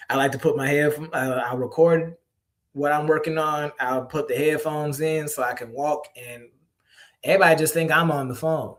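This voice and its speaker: A man's voice: a little high, steady tone, moderate pace, a bit bright. A man, a poet and author, telling stories in a casual interview, laughing often and acting out the voices of the people he quotes.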